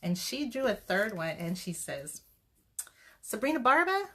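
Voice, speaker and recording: A middle-aged woman giving an earnest, motivational pep talk to her sales team, telling her story in a lively way and acting out what people said. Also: lowish voice, a little slow, slightly rough. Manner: earnest, faith-driven encouragement. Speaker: direct-sales team leader.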